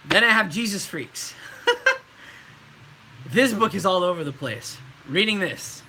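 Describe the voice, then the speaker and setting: A man's voice: high voice, animated, measured pace, bright, forceful tone, slight background noise, poor audio. A man in his twenties, a voice actor, chatting casually on a live stream and answering viewer questions in a laid-back way.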